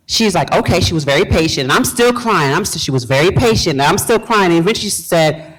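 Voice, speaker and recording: Animated woman preaching to a crowd. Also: lowish voice, quick pace, husky, low-quality recording. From Virginia, US South. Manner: animated, repeats key phrases, quizzes the audience. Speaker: pastor and speaker. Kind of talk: motivational talk to a live audience.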